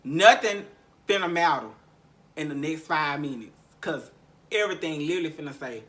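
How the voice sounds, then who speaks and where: Bright-voiced man telling a raw story. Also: fairly high pitch, normal speed, a little hiss or hum. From Memphis, Tennessee. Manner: profane, repetitive, heavy sighs, emotional recounting. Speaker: podcast host. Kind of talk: candid storytelling monologue.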